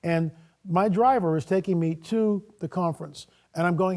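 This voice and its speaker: A man guest on a talk show, telling a personal story in a casual, animated way and acting out his own dialogue. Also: high voice, fairly quick. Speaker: guest speaker.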